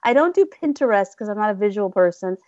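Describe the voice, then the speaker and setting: A woman's voice: mid-range voice, lively intonation, fast talker, darkish tone, no room sound, lo-fi sound. A woman of Bengali heritage, an author chatting as an interview guest, laughing often and teasing herself. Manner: giggly and self-mocking. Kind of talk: casual interview chat.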